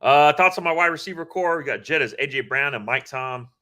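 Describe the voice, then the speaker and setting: A man's voice: on the high side, fairly quick, pushed and bright. A man co-hosting a live fantasy football draft stream, casual and hyped, using slang and answering viewer questions. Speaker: podcast co-host.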